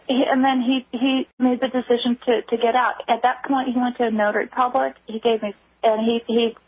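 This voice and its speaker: A woman guest calls in to a radio interview, her voice husky and slightly high. She halts and restarts often as she talks. The phone line is thin, tinny and dry. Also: no room sound. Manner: halting, with many restarts. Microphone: telephone.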